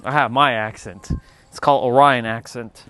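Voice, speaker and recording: A man's voice: mid-range voice, steady tone, normal speed, sharp tone, clean tone, no room sound. A man hosting a livestream, chatting casually and playfully repeating a word he finds funny. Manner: playful, repeats words and laughs at them. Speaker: livestream host.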